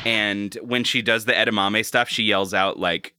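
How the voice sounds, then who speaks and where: A man hosting a casual podcast chat, animated and quick to laugh. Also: on the low side, clean tone, no room sound, studio quality. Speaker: podcast host.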